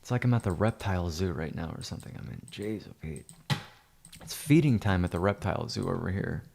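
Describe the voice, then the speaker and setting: Low gravelly guy rambling on a livestream, mock-bragging and teasing viewers, keyboard clacking behind. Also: animated, a little fast, background noise. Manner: mock-grandiose, sarcastic, insulting viewers in jest. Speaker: livestream host editing photos.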